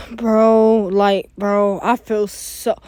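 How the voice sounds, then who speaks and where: A man's voice: high-pitched, level tone, very slow, heavy background noise. A young man reacting to a sad news story in casual, slang-heavy talk, his voice cracking with sadness. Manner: slangy, emotional, repeats "bro" and "like". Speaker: reaction video host.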